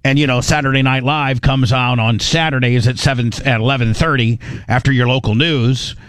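A man's voice: medium pitch, steady tone, fairly quick, fairly bright tone, dry recording, clean studio sound. Rambling, blunt male podcast host. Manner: rambling, with many restarts and repeated words; blunt and crude. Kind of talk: casual commentary.

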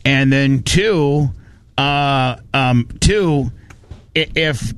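A man hosting a radio talk show, telling a story in animated bursts and ranting with lots of restarts. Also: medium pitch, slow pace. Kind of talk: casual talk radio banter.

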